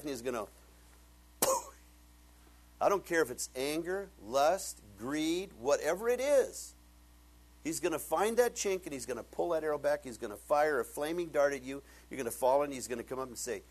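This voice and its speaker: Husky-voiced preacher telling a story. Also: male voice, a little high, expressive, normal speed, low-quality recording. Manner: storytelling, building to loud emphatic preaching. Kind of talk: sermon with retold conversation.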